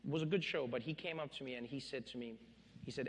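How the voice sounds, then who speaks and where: A man in his thirties, an interview guest telling stories on stage, animated and laughing as he acts out quotes. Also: mid-range voice, quick pace, long reverb tail, a little hiss or hum. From South Africa. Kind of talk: storytelling in a public interview. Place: stage in an event hall.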